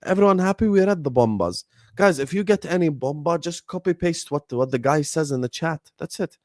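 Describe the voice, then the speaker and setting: A young man hosting a football fan live stream, talking casually, animated and repetitive as he rants at his chat. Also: a little high, a little fast, no echo, studio quality. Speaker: football fan show host.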